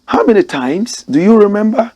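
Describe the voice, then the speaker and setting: A man's voice: high-pitched, very animated, moderate pace, warm tone, voice pushed up. A man putting on a raised, curious woman doctor. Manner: inquisitive, surprised questioning. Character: curious foreign woman doctor, polite questioner.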